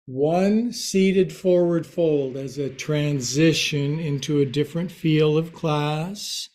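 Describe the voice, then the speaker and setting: A man with a fairly high voice leads a yoga class, taking his time over every cue. He counts the holds aloud and slips in playful wordplay between the poses. His instructions come in short, unhurried phrases. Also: a little mellow. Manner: counts poses aloud and jokes about words. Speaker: yoga teacher. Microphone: livestream from his own space.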